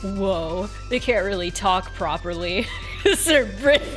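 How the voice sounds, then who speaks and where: A woman streamer reading a visual novel aloud, laughing often and breaking off into animated chat. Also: medium pitch, slow, faint music behind. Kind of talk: narrating a story and chatting.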